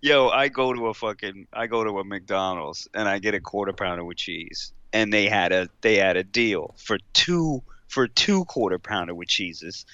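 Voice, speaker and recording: A man's voice: lowish voice, moderate pace, hardly any pauses, sharp tone, no room sound, highs cut off. A man who is a guest on a podcast, chatting casually, laid-back, swearing and trailing off with "man". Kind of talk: casual chat.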